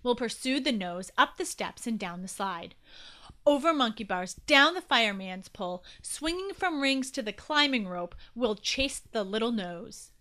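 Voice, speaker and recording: Bright, animated woman storyteller. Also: on the high side, unhurried. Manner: animated, expressive reading. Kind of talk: children's story narration.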